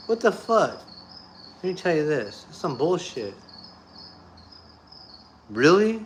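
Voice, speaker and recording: A man with a voice pitched a bit high rants to camera in a loose, unscripted monologue. He is blunt and profane and hammers the same phrases again and again. Faint crickets chirp behind him. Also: slight background noise. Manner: blunt, profane, repetitive ranting. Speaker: YouTuber. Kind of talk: off-the-cuff monologue.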